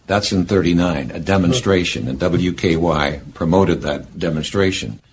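A male interviewer with a very deep voice, setting out historical facts and dates in a measured, steady way. A faint background noise runs under the recording.

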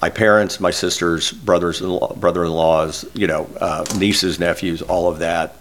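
Low-voiced older man, tearful and candid. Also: fairly even intonation, moderate pace, a bit bright. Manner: emotional, candid, close to tears. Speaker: guest. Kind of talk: personal storytelling in an interview.

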